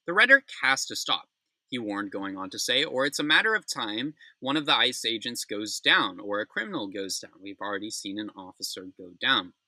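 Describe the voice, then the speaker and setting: A man's voice: on the low side, very animated, brisk, sharp tone, no room sound. A young man hosting a news recap, reading stories and breaking into angry, profane rants, then apologizing for swearing. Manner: angry, ranting with heavy swearing; apologetic asides between rants. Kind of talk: opinionated news commentary.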